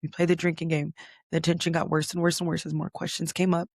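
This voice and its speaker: A woman's voice: on the low side, little pitch movement, fast, creaky, no room sound, clean studio sound. A young adult woman hosting a podcast, telling a personal story in a candid, conversational way with frequent fillers and the odd swear word. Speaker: podcast host.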